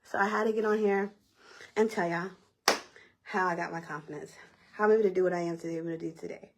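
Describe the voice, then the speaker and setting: A young woman vlogger telling a personal story in a casual, animated, slangy way. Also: on the low side, quick pace, background noise. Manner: animated, repeats herself, slangy and conversational.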